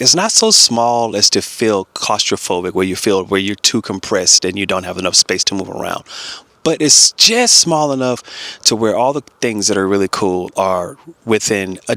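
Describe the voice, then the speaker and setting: A man's voice: on the low side, sharp tone, no room sound. An American man chatting casually in a family travel vlog, repeating words as he thinks aloud. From United States.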